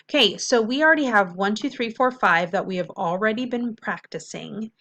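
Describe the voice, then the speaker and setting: A woman teacher giving a phonics lesson to children, friendly and encouraging, drawing out syllables slowly when she sounds out words. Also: mid-range voice, a bit bright, a little hiss or hum.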